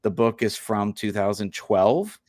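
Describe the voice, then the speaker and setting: A man with a fairly low voice co-hosts a casual parenting podcast. He rambles through stories with lots of fillers and restarts. The recording is dry and close. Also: a little slow, a little mellow, no room sound. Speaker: podcast co-host. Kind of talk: casual chat.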